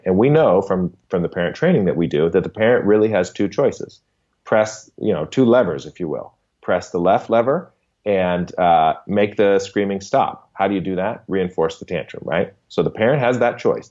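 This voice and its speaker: A man's voice: low voice, a little mellow, lo-fi sound. A man, a behavior analyst, patiently explaining concepts as a podcast guest and often checking in with "right?". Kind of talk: conversational explanation in an interview.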